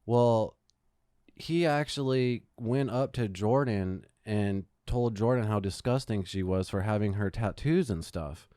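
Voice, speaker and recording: A man's voice: fairly low pitch, measured pace, mellow, clean tone, dry recording, studio quality. A man hosting a podcast, telling rambling profane stories in casual chat. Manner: profane storytelling, swears a lot. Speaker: podcast host. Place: Phoenix, Arizona.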